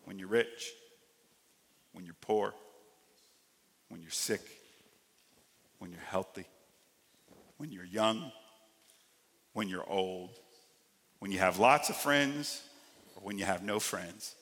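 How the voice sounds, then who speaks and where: A man preaching a sermon as pastor, swinging between loud emphatic lines and quiet drawn-out ones. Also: fairly low pitch, long reverb tail.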